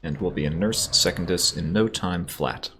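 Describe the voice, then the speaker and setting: A man's voice: sits low, moderate pace, a little hiss or hum. A man hosting a let's play, reading game text and chatting wryly over gameplay. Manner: relaxed, wry, easygoing. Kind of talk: casual gameplay commentary and story reading.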